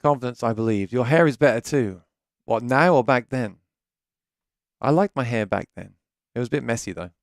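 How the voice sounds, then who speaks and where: Chatty British man with a gravelly voice. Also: mid-range voice, brisk, long pauses, no echo, studio quality. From Britain. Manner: chatty, rambling, self-correcting. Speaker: gear channel host. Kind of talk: live stream chat. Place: home studio room.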